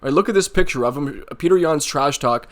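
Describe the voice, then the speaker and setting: A man's voice: on the high side, expressive, brisk, fairly bright tone. Sarcastic male MMA commentary ranter. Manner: sarcastic, mocking, profane. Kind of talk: casual commentary rant.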